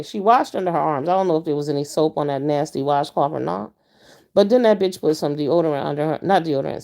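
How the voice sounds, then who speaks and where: A woman's voice: on the low side, dark tone. A middle-aged woman ranting bluntly and profanely to her viewers in a casual vlog. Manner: blunt and profane, with frequent mm-hmms. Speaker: vlogger.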